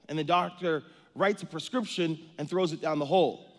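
A man in his thirties preaching a lively sermon, with a slightly higher voice and a quick, joking storyteller's manner. His voice carries the long reverb of a large church hall. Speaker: pastor.

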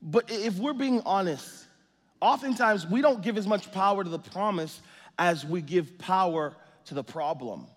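A man in his thirties preaching a lively sermon, with a slightly higher voice and a quick, joking storyteller's manner. His voice carries the long reverb of a large church hall. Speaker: pastor.

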